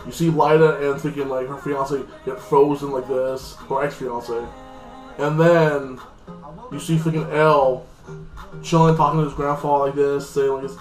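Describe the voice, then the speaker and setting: A man's voice: mid-range voice, flat delivery, normal speed. Rambling man recapping a TV episode. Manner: rambling, filler-heavy, restarts a lot. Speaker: TV episode reviewer. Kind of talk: casual spoken recap. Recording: echoey room, faint guitar music.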